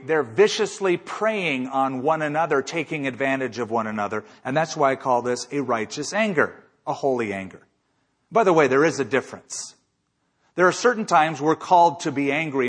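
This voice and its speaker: A man's voice: medium pitch, fairly bright tone. A man preaching a sermon as a pastor, emphatic, with rhetorical questions and repeated phrases.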